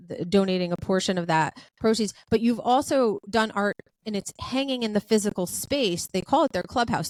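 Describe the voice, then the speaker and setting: A woman's voice: medium pitch, no echo, poor audio. Chatty woman podcast host, dry sound. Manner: chatty, many fillers and restarts. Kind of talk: casual interview chat.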